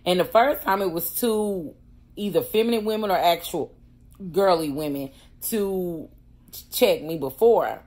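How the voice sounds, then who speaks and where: A woman, a pastor, telling a personal story in a casual vlog, animated and slangy, laughing often and talking straight to her viewers. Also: lowish voice, measured pace. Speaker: pastor and prison wife.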